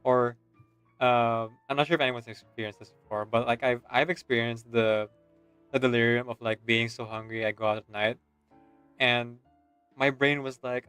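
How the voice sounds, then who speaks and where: A man's voice: mid-range voice, fairly even intonation, normal speed, a bit bright, clean tone, no echo, soft background music. A man streaming a game, telling a rambling story in casual voice chat and laughing as he goes.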